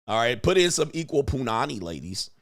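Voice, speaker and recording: A man's voice: medium pitch, dry recording, clean studio sound. A man hosting a livestream, talking bluntly and crudely about business partners and laughing at his own jokes. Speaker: livestream host. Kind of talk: casual livestream rant.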